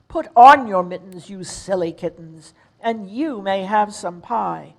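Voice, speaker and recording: Stern mother cat, read by an older woman, slow, firm, scolding. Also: mid-range voice, gravelly.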